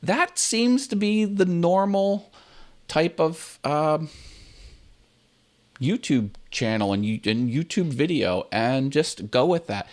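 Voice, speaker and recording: A man hosting his own channel, giving casual on-camera tips in a relaxed, chatty way, recorded on his computer's built-in webcam in a home set. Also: fairly high pitch, slow. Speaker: YouTube channel host. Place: home set with stuffed animals and video games.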